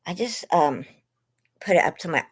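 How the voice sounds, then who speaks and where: A woman on a phone livestream from bed rambles casually and eagerly says hello to viewers by name. Her voice is on the low side with lively intonation, a breathy edge and normal speed. As she hosts from home, it wears down, and she mentions losing it and her lungs hurting.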